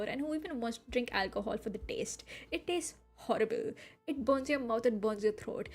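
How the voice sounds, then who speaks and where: An animated woman streamer argues her points with playful conviction, her voice sitting fairly high. Quiet music runs under her chatter. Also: normal speed. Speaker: VTuber streamer. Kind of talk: casual stream commentary while reading a game.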